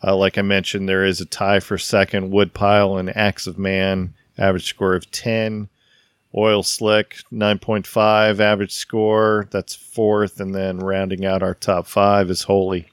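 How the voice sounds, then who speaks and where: Smooth low-voiced podcast host. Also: male voice, level tone, a little slow, dry recording, clean studio sound. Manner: brief, affable acknowledgements, reads out scores. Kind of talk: casual chat.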